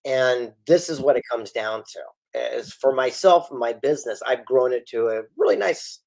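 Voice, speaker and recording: A man's voice: medium pitch, moderate pace, creaky, a little mellow. A middle-aged man, a guest author and speaker, telling stories in an interview and acting out the dialogue he quotes. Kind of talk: storytelling interview.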